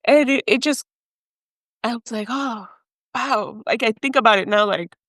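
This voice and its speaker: A young adult woman from Mexico, a podcast guest telling her own story in a lively way with frequent laughter, dropping Spanish words into her English. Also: a little high, fairly quick, no room sound. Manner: animated, laughs often, mixes in Spanish. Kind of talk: storytelling in an interview.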